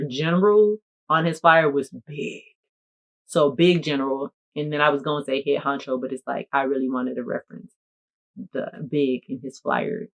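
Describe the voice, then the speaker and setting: A woman content creator chatting casually to camera in a playful, jokey, animated way. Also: low voice. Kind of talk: casual vlog talk to camera.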